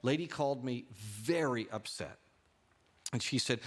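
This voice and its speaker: A man preaching a sermon from the pulpit of a church. He talks in an animated way, jumping up in pitch for rhetorical questions and quoted lines. His voice sits at an ordinary middle pitch. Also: fairly quick. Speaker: pastor. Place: church sanctuary.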